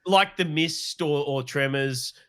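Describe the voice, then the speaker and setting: A man co-hosting a casual horror film podcast, swearing and enthusing about bad movies. His voice sits a little higher than most men's. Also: slow, bright, forceful tone, smooth. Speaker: podcast co-host. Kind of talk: casual chat.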